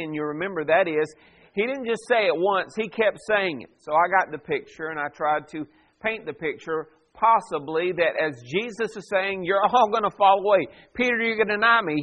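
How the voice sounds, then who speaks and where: A man preaching a sermon, reading scripture aloud and then teaching in an animated, conversational way. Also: fairly high pitch. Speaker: pastor. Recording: dull lo-fi sound.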